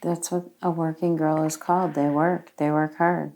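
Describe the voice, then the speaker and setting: A woman's voice: low voice, flat delivery, moderate pace, creaky, warm tone. A woman paranormal investigator chatting casually and jokingly during a ghost hunt. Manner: joking, offhand.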